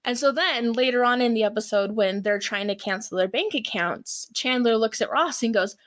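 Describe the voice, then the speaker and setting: Female podcast co-host, fairly high voice, chatty storyteller who acts out quotes. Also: normal speed, hardly any pauses. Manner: chatty, retells scenes acting out quotes. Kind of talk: casual chat.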